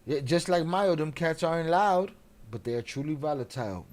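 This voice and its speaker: A man's voice: fairly high pitch, lively intonation, normal speed, a little mellow, faint music behind. Brash profane man hosting a stream. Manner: brash, profane, trash-talking. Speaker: live stream host. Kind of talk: live reaction commentary.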